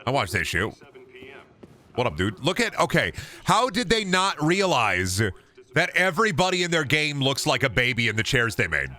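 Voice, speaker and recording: Bright-voiced, profane male streamer. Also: mid-range voice, very animated, normal speed. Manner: profane, ranting, riffs with chat. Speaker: streamer playing a video game. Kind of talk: casual gaming stream chatter.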